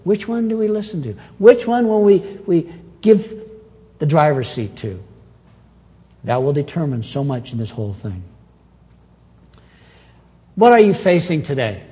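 Animated preaching man in a reverberant hall. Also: on the high side, unhurried, long pauses. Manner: animated preaching with dramatic swings in loudness and pace. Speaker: pastor. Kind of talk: sermon.

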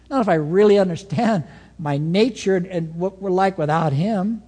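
Male pastor, sermon, high lively voice, long hall reverb. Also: normal speed, breathy edge. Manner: animated, storytelling, swings between soft and emphatic.

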